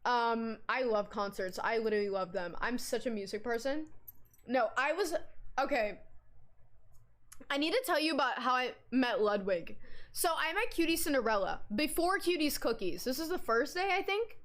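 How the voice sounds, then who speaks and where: Excitable young woman rambling on stream. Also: on the high side, moderate pace. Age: young adult. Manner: rambling, excitable, giggly, swears casually. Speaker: livestreamer. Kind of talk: casual live-stream chat.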